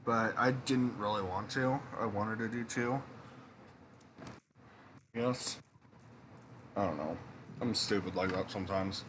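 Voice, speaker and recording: A man's voice: fairly low pitch, noisy background. A young man giving casual, rambling commentary while playing a video game. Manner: rambling, self-deprecating. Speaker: let's play host.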